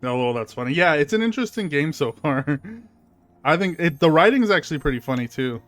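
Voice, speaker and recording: A man's voice: on the high side, animated, a little fast, fairly bright tone, dry recording, faint music behind. A man streaming a video game, chatting casually with fillers and reading the game's text aloud. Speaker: gaming streamer. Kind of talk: casual let's-play commentary.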